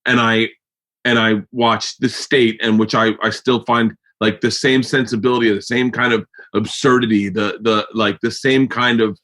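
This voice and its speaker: A man's voice: lowish voice, level tone, moderate pace. Man, American podcast host, casual chat, rambling stories, swears a lot. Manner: loud, swearing, rambling storyteller.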